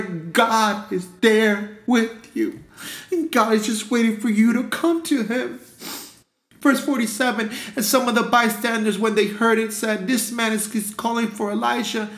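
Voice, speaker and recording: A man's voice: sits high, a bit bright, reverberant. A man preaching a fervent sermon with a repetitive, rhythmic cadence.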